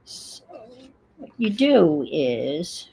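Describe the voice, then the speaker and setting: A woman's voice: sits low, very animated, extremely slow, vocal fry, mellow, slight background noise, rough recording. A woman with a New York accent chatting casually and thinking aloud while she crafts at home on a livestream.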